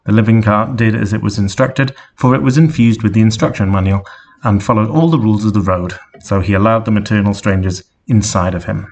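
A man reading an absurd fan story aloud with deadpan narration. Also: fairly low pitch, brisk. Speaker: story reader.

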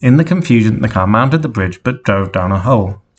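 Deadpan story narrator, man, lowish voice. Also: brisk, breathy edge, dull audio. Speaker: story reader. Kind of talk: reading an absurd fan story aloud.

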